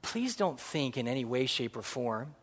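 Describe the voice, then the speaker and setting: Animated preacher in a reverberant hall. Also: male voice, mid-range voice, normal speed. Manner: animated, jokey, swings from loud punchlines to quiet earnest points. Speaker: pastor. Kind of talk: sermon.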